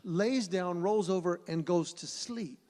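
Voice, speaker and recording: A man giving a storytelling speech to an audience, animated and acting out voices as he goes. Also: sits high, measured pace. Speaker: speaker at a fundraising event. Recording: long hall reverb.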